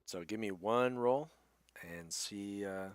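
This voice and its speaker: A man narrating as game master of a tabletop game in an easygoing way with many pauses. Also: lowish voice, clean tone.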